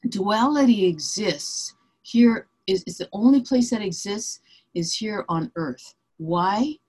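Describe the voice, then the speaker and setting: A woman spiritual teacher explaining her ideas in a calm, meditative way during a reflective conversation. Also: medium pitch, takes it slowly, husky.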